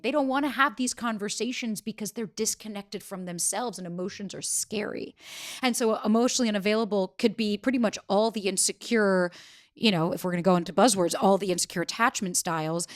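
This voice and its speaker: A quick-talking woman in her thirties answers interview questions as a dating coach. She is animated and slips into acted-out quotes. Her pitch sits in an ordinary middle range. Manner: animated, acts out quoted dialogue.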